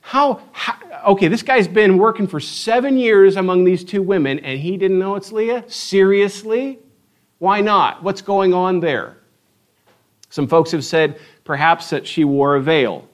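A man preaching a sermon, telling the story in a lively, playful way and acting out the quotes. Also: sits high, a little slow. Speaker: pastor.

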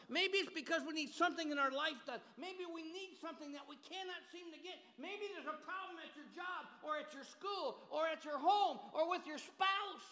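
A man preaching an emphatic sermon in a church, swinging between hushed and loud. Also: extremely high pitch. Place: church sanctuary. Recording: long hall reverb.

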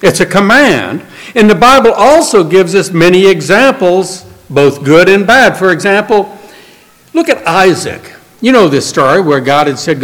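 A man's voice: high-pitched, sing-song, moderate pace, fairly bright tone, big-room sound, poor audio. A man preaching a sermon, earnest and storytelling. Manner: storytelling, earnest, acts out quotes. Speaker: pastor.

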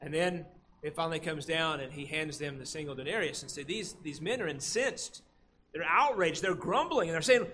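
A man with a high voice preaching a sermon, lively as he acts out the people in the passage. A faint hum of room ambience sits behind him. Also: moderate pace. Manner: animated, acts out the workers' complaints.

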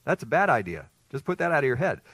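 A man voicing the disciple Peter as he loudly and emphatically protests. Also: medium pitch, big pitch swings, quick pace, husky, dry recording. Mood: indignant.

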